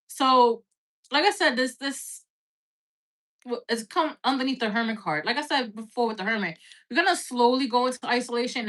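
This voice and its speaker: A woman's voice: fairly high pitch, a bit bright. Blunt, chatty woman reading tarot. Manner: blunt and chatty, swears freely, many fillers like "like". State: has the hiccups. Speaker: tarot reader. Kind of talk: casual live-stream tarot reading.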